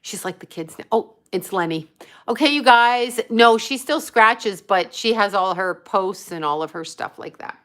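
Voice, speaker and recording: A woman's voice: mid-range voice, moderate pace, a bit bright. Rambling woman chatting on a livestream. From United States. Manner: rambling, trailing off, chatting to viewers and her cat. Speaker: psychic livestream host. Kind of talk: casual livestream chat with viewers.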